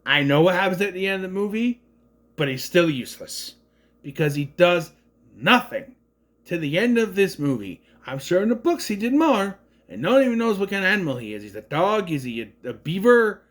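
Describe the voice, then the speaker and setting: A man in his thirties giving a rambling, sarcastic review of an animated film in a casual monologue. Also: sits high, a little fast. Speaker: movie reviewer.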